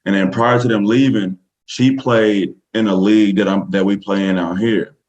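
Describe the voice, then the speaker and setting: A man's voice: lowish voice, fairly even intonation, moderate pace, darkish tone, dull audio. A man with a Southern US accent, a podcast guest telling a story casually, rambling with many fillers. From Texas, USA.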